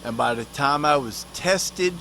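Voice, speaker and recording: Guy ranting slow n profane, lots of slang, talks bout himself in third person. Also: fairly high pitch, crowd noise. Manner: rambling, street slang, swears a lot. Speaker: vlogger. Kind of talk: profane comic rant.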